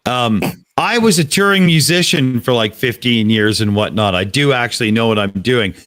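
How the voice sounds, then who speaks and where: A man's voice: medium pitch, fairly bright tone. A man hosting a casual live stream, upbeat and jokey, chatting about his music days. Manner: upbeat, jokey, quick to laugh.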